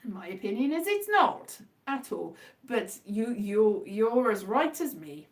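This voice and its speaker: A tired woman from Wales with a softened Welsh accent, hosting a stream and rambling in a casual, self-deprecating way that trails off. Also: on the high side, very animated, measured pace. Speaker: livestream host. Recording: distant from the mic.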